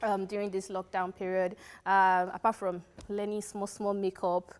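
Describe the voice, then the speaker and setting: A woman's voice: mid-range voice, flat delivery, normal speed. A young Nigerian woman co-hosting a TV show, speaking earnestly and reflectively with frequent "um" and "you know". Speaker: TV show co-host. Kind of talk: casual studio chat.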